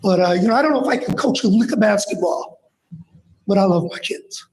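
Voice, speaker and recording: A man's voice: high-pitched, expressive, a little fast, darkish tone. A man in his fifties from Michigan, a longtime teacher and coach, giving an emotional, rambling public comment at a school board meeting. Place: large meeting room. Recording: echoey meeting hall.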